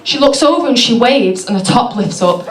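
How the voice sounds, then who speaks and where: A woman doing stand-up, telling stories in a deadpan, self-mocking way. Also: a little high, normal speed, a crowd in the background. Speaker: stand-up comedian. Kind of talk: stand-up comedy. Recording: echoey venue with clear background noise.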